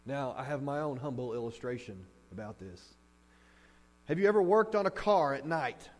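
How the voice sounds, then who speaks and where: A man preaching a sermon as pastor, animated and storytelling, acting out reactions as he speaks. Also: mid-range voice, normal speed. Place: church hall. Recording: hall reverb with mains hum.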